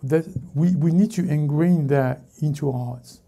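Male pastor preaching in church, deep mellow timbre, stop-start delivery that corrects itself as it goes. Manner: halting, self-correcting preaching with many restarts. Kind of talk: sermon. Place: church service before a congregation.

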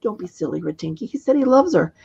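A woman reading aloud, voicing a younger witch who is loud, chatty and gushing. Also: medium pitch, very animated, quick pace, vocal fry, slightly rough, lo-fi sound, exaggerated voice.

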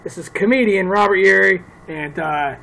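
A man's voice: high voice, normal speed, gravelly, background noise. A man recording a profane, rambling comedy rant on his phone at home, laughing at his own jokes. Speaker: comedian ranting.

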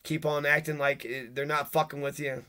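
Furious ranting man with a bright voice. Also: fairly high pitch, flat delivery, normal speed. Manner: agitated, profane, accusatory. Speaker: vlogger. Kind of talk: angry rant to camera.

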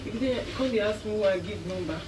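A woman's voice: mid-range voice, quick pace, echoey room, distant mic, music in the background, rough recording. A young Nigerian woman in a prank vlog, speaking Nigerian Pidgin and defensively pleading that she gave her number to nobody. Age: young adult.

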